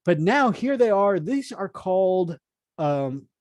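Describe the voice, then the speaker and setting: A man's voice: high voice, very animated, slow, darkish tone, no room sound. A man co-hosting a casual tabletop hobby livestream, chatting and laughing often. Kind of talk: casual chat.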